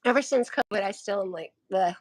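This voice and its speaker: A woman's voice: a little high, moderate pace, a bit bright. A woman chatting casually and telling a story, often laughing, and losing her voice. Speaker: livestream co-host. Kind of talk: casual chat.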